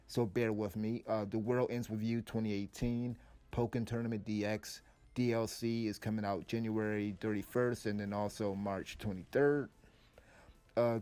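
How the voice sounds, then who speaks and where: A man's voice: mid-range voice, a little mellow. A man giving casual, rambling opinion commentary on game news, blunt and often restarting his sentences.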